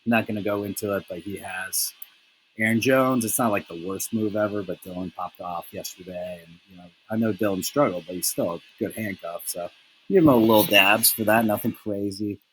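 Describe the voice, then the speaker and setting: A man's voice: on the low side, moderate pace, fairly bright tone, a little hiss or hum, rough recording. A young man hosting a casual fantasy football recap, teasing his friends in a rambling way full of "like" and "um.". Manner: teasing, lots of "like" and "um" fillers.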